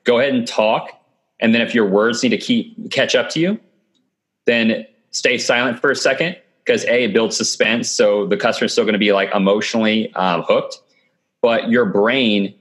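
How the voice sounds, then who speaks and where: A man with a fairly low voice speaks over a remote call. He coaches with calm confidence and often checks in with his listener. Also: normal speed. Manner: confident, coaching tone with frequent "okay" and "right". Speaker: guest. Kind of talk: remote podcast interview. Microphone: video call.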